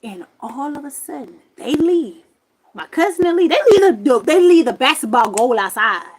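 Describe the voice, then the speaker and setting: A woman hosting a livestream, telling a story to her viewers in a loud, profane, exasperated rant from her camper. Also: high voice, animated, normal speed, slight background noise, rough recording. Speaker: livestream host.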